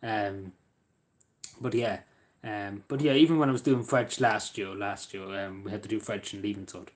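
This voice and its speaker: A man's voice: on the low side, moderate pace. A young Irish man chatting casually on a live stream, rambling with stumbling restarts and talking to viewers by name. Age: young adult. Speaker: live streamer reading chat.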